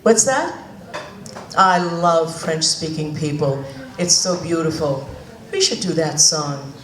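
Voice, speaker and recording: A woman's voice: low voice, slow pace. A woman from Boston with a Boston accent, a cabaret singer chatting and joking with a live audience between songs. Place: senior center hall. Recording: echoey hall, mic at a distance, loud piano.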